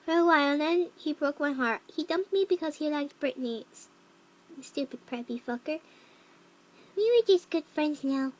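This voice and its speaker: A woman voicing a young cat-girl troll who reads a fanfic aloud, with flat narration, mocking asides and yelled quotes. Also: sits high, moderate pace, natural voice. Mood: deadpan reading. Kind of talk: fan reading of a story.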